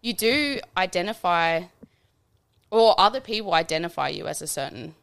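A woman's voice: fairly low pitch, animated, normal speed, gravelly, fairly bright tone, clear, resonant tone. A woman reflecting in casual podcast chat, full of "like" fillers.

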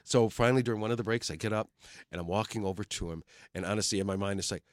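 A middle-aged man from Detroit who hosts a film show, telling animated stories in casual chat and acting out the people he quotes. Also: fairly low pitch, rapid-fire, no room sound, studio quality. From Detroit, USA. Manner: animated storyteller who acts out quoted voices.

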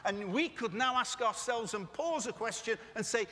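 Man, preacher, sermon, high voice, bright and forceful, passionate, chatty asides, echoey hall. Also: lively intonation, normal speed. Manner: passionate, conversational with asides to the congregation. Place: church meeting room.

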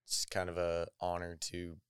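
Shy young man with a deep voice. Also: monotone, moderate pace, a bit bright, clear, resonant tone. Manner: shy, hesitant, short answers. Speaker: podcast guest. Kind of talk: casual interview.

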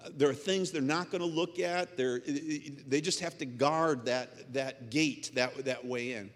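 A man's voice: medium pitch, measured pace. A male pastor preaching in a conversational way, asking his audience questions and acting out stories. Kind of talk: sermon. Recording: long reverb of a large hall.

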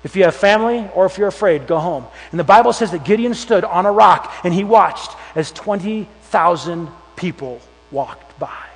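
A high-pitched male preacher gives a lively sermon, telling the story with plenty of acted-out voices and sudden bursts of volume. His voice rings through a large hall with a long, lingering reverb. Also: fairly quick, few pauses. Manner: animated storytelling, acts out voices with shouts and whispers. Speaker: youth pastor.

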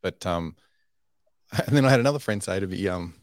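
Man, thirties, very low voice, dry close sound, frank and self-deprecating, podcast guest chatting. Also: animated, brisk, dry recording. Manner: frank, self-deprecating, restarts his phrases. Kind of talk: candid conversational storytelling.

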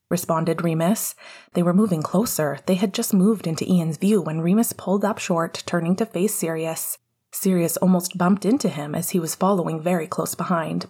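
Woman narrator for fan fiction audiobook, breathy, lowish, soft and even.

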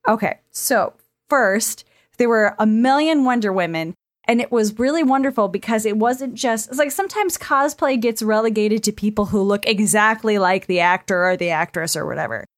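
A woman co-hosting a casual podcast chat from a friend's apartment, telling stories in an animated, excitable way and swearing freely. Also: mid-range voice, normal speed, dry recording, studio quality. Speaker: podcast co-host. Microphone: remote recording setup.

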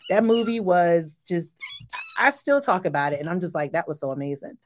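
A woman's voice: lowish voice, animated, fairly quick, a little hiss or hum. A woman co-hosting a live show, emotional and laughing often as she talks. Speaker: co-host. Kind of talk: casual live show chat.

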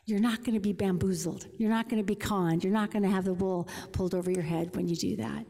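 A woman's voice: medium pitch, steady tone, fast, hardly any pauses, mellow. A woman giving an informal devotional talk to a room of listeners, telling a story in a chatty way with frequent restarts. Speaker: speaker. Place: large room before an audience. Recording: long reverb of a large hall.

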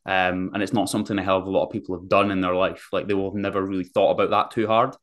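Man, podcast host, low voice, even tone, laid-back chat, rambling questions. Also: rapid-fire. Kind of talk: casual interview chat.

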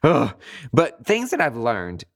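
A man hosting a podcast on his own, telling a story casually and with animation, swearing freely and jumping up in pitch to make a point. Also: takes it slowly, dry recording, clean studio sound. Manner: animated, chatty, swears freely, jumps high in pitch for emphasis. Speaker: podcast host.

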